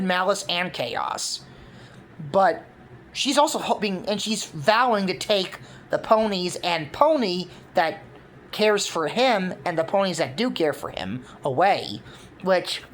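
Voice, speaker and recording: A woman casually laying out her fan concept for a cartoon, rambling with many fillers. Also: fairly low pitch. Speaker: fan video creator.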